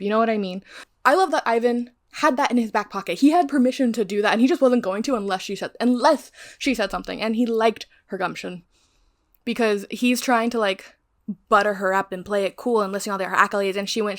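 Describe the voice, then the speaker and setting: A young woman casually recapping a crime novel to camera, chatty and animated, swearing freely. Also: medium pitch, quick pace. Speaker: book vlogger.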